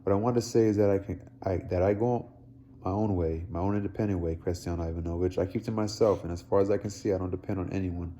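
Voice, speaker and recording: Timid fumbling clerk, low flat voice, stumbles over his words, a man reading. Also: slight background noise, lightly acted. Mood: anxious. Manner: halting, repeats himself. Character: timid fumbling middle-aged male clerk.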